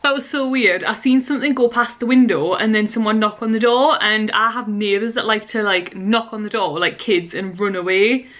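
Chatty woman vlogging, bright voice. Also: medium pitch, moderate pace, hardly any pauses. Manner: chatty, rambling, lively storytelling. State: tired and out of breath. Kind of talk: casual vlog chat to camera. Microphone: handheld camera.

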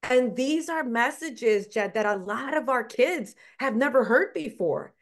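A woman's voice: a little high, lively intonation, unhurried. A woman educator from Chicago speaking earnestly over a video call, stressing her points and checking in with "right?". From Chicago, USA. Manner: earnest, emphatic, with frequent "right?". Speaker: educator and guest. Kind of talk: casual video chat.

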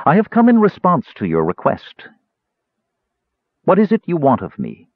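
A man voicing a young male mage who speaks softly with cynical, mocking sarcasm. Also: on the low side, wildly swooping pitch, a little slow, breathy edge, dry recording, heavily acted. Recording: dry, slightly dull recording.

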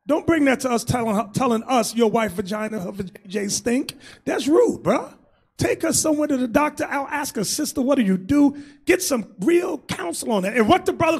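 A man preaches as a bishop, loose and comic, shouting and mocking as he acts out what people say. His voice sits very high and swings wildly in pitch, with a husky, grainy edge. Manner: animated, shouting and mocking, acting out quotes.

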